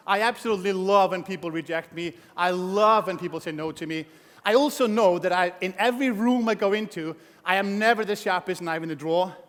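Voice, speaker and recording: A man giving a motivational talk to an audience, energetic and joking, asking the crowd questions. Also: sits high. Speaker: motivational speaker. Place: event hall. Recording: long hall reverb.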